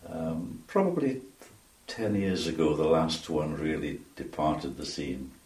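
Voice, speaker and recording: Welsh man in his seventies, very low voice, measured with ums, roomy far-off sound. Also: big pitch swings, darkish tone. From Wales. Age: 70s. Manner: measured, with frequent ums and restarts. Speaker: interview guest. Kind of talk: reminiscing interview answers.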